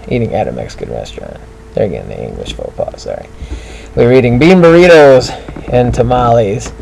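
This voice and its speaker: A man's voice: fairly low pitch, gravelly, a little mellow, a little hiss or hum, poor audio. A man voicing a corny, rambling male bulldog comedian who tells groaning puns and keeps getting tongue-tied. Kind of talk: comic character monologue.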